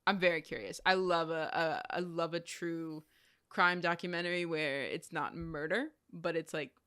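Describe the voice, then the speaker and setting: A woman's voice: on the low side, fairly even intonation, moderate pace, a bit bright, clear, resonant tone, dry recording, studio quality. A young woman co-hosting a movie podcast, chatty and teasing in casual talk. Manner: chatty, laughs often, teasing. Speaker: podcast co-host. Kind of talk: casual chat.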